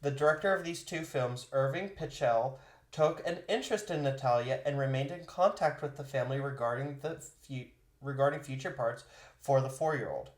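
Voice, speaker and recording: A man's voice: medium pitch, moderate pace. A man co-hosting a podcast, recounting a life story in a casual, conversational way and laughing easily. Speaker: podcast co-host. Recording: roomy echo.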